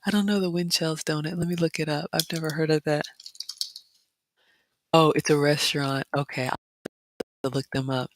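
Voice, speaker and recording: A woman vlog host walking viewers through a brunch buffet, chatting casually, reading comments aloud and often dropping into soft excited whispers. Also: low voice, moderate pace, long pauses, slight background noise. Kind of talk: casual live-stream walkthrough.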